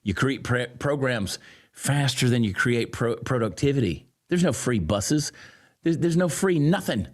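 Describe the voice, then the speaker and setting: A man's voice: lively intonation, measured pace. Sarcastic man ranting commentary. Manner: sarcastic, mocking, swinging from loud jeers to low grumbles. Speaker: political commentator.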